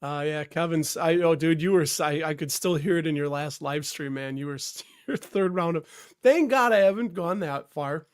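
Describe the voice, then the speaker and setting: A man from the Chicago area talks through a live stream while getting over a cold. His voice sits somewhat high, and his chat wanders, full of restarts and asides to the chat. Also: normal speed, clear, resonant tone. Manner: rambling, self-interrupting, greets chatters. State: stuffed up from a cold.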